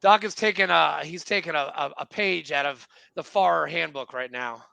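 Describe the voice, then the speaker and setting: A man's voice: on the high side, normal speed, vocal fry, pushed and bright. A man hosting a podcast in casual, joking banter with a lot of swearing. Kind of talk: casual chat.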